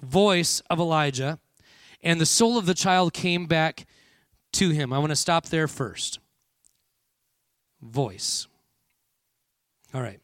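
A man's voice: a little high, animated, takes it slowly, long pauses, fairly bright tone, no room sound, clean studio sound. A man preaching a sermon to a congregation, with frequent call-and-response and "all right" checks. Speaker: pastor.

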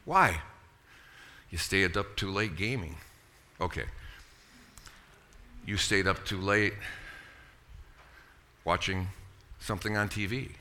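A man's voice: sits low, slow, pauses often, pushed and bright, a little hiss or hum. A middle-aged man preaching a sermon in a conversational, joking way, often asking the congregation questions. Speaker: pastor.

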